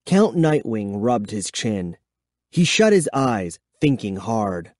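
Man narrating slowly with lively expression. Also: fairly low pitch, no echo, studio quality. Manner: expressive, measured first-person storytelling. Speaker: audiobook reader. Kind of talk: dramatic audiobook narration.

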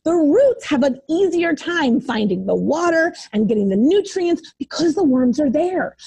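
A woman preschool teacher reading a picture book aloud to young children in an animated, sing-song way. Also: high voice, breathy edge.

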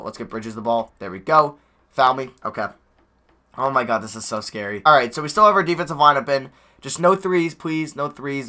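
Nervous, excitable young man narrating gameplay. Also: mid-range voice. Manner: anxious, excitable, talks to players on screen. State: hoarse. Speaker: gaming YouTuber. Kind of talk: live gameplay commentary.

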